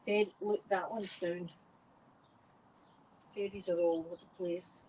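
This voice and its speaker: A woman's voice: lowish voice, fairly even intonation, slow, mellow, a little hiss or hum. An older woman with a Scottish accent, chatting cheekily at home while short of breath. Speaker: channel host. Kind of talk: casual chat. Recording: slightly dull lo-fi recording.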